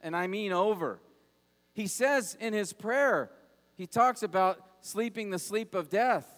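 A man preaching a sermon as pastor, moving between loud urgent passages and quiet, low, emphatic ones. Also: expressive, measured pace. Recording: long hall reverb.

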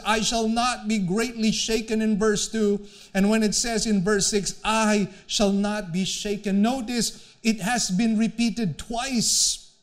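Male pastor, very high voice, slow deliberate sermon delivery. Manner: slow, deliberate preaching with repeated phrases.

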